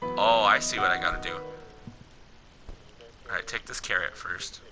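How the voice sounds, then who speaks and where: A young man giving casual, excitable gameplay commentary, talking at the game characters in slangy speech. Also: lowish voice, slow, music in the background, low-quality recording. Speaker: gaming channel host.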